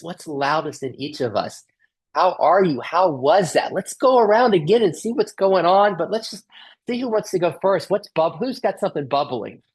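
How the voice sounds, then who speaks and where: A man leading a group workshop on a video call, asking gentle repeated questions and inviting everyone to join in. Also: a little high, breathy edge, low-quality recording. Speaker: workshop leader.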